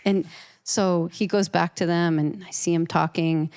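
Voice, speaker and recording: A woman with a lower voice and a smooth, resonant tone tells a personal story to an interviewer. She is earnest and emotional, and she often restarts and repeats words as she goes. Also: steady tone, normal speed, a little mellow. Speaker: professional artist, interview guest.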